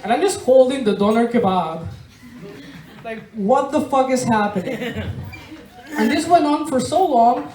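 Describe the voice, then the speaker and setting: Performing stand-up before a live crowd in a large bar room, a comedian from Venezuela tells stories at an unhurried pace, deadpan yet laughing, and swears along the way. She has an ordinary pitch, sounds distant from the mic in an echoey room, and talks over music.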